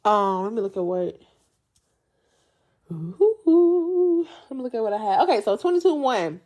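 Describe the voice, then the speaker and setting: A woman delivers a casual, conversational sermon in a fairly high voice that swoops up and down expressively. She jokes often, slips into slangy everyday speech and keeps the tone chatty and animated. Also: measured pace. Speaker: Bible study podcast host.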